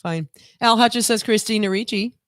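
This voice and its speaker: A woman's voice: mid-range voice, no echo, clean studio sound. A woman co-hosting a podcast, chatting casually in a blunt, teasing manner that often tips into rants. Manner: blunt, teasing and quick to rant. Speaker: podcast co-host. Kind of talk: casual chat.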